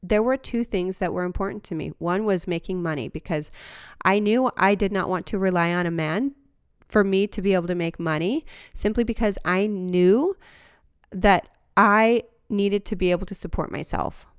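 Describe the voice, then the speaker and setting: A woman hosts a reflective podcast, talking through her thoughts in an earnest, heartfelt way. Her voice is smooth and clear at a medium pitch. She is recorded close on a studio mic in a dry, quiet room. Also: moderate pace, no echo. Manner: earnest and heartfelt, with a few soft laughs and restarts. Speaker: podcast host. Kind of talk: reflective motivational monologue.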